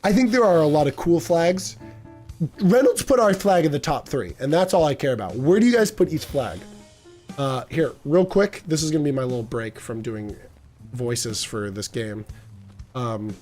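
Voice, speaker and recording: A man's voice: a little high, lively intonation, moderate pace, a little mellow, faint music behind. Rambling, joking male streamer. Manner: rambling, self-deprecating, joking. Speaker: streamer playing a game. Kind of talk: casual live-stream chat.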